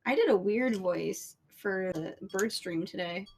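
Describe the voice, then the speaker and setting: A woman's voice: mid-range voice, a little slow. A woman co-hosting a game stream, joking around crudely in casual banter. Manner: goofy, crude jokey banter. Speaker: stream co-host. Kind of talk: casual let's play chat.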